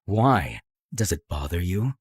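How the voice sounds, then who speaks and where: A man plays a blunt, sarcastic young man from an animated story, with a deep, slightly husky voice. His delivery moves around a lot, dry and teasing, with a soft side under the edge. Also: measured pace, full character voice. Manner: dry teasing, turning quietly reflective. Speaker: voice actor.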